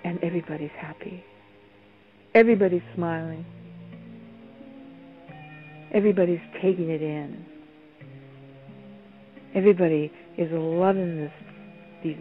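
A woman radio host leading a playful guided meditation, often halting and repeating words. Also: fairly low pitch. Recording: phone-line radio call, faint music.

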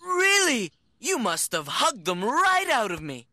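A woman voicing a gentle, apologetic young male lion in a children's cartoon. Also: on the high side, wildly swooping pitch, a little slow, no room sound, heavily acted. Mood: fretful. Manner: fretful and apologetic. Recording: music playing under voice.

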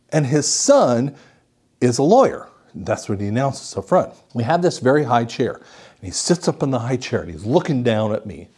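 A male audiologist explaining a patient case as a lively story, acting out what the patient said. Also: mid-range voice. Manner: animated storytelling, acts out the patient's lines.

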